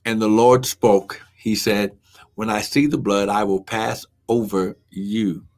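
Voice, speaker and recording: A man's voice: lowish voice, fairly even intonation, slow pace. A man preaching a live-streamed sermon, fervent and full of "amen" and "glory" exclamations, who talks to viewers while looking up his verses.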